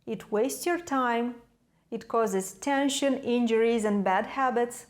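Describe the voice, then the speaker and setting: Woman, piano teacher, scripted video lesson, measured and emphatic, dramatic pauses, slightly high voice.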